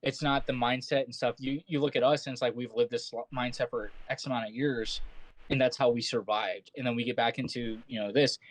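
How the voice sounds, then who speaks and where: Blunt profane veteran, dry sound. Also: male voice, mid-range voice, steady tone, fairly quick, no echo, low-quality recording. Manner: blunt, profane, matter-of-fact. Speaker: co-host, Marine veteran. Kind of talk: casual chat.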